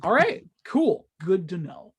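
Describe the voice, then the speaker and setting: A man's voice: high voice, sing-song, unhurried, breathy edge. A man co-hosting a gaming podcast in casual chat, joking around and laughing often. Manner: jokey, laughs often, slips into silly voices. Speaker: podcast co-host.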